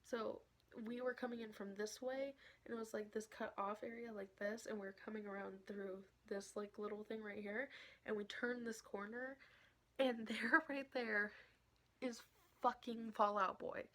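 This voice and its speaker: A young woman telling an excited story in a casual vlog, laughing often and dropping into whispers. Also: on the high side, moderate pace. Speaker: vlogger.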